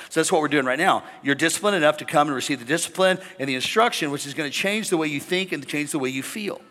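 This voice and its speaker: A man preaching a sermon to a congregation, animated, with call-and-response and jokes. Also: on the high side, quick pace, few pauses, long reverb tail. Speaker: pastor. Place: large church hall with congregation.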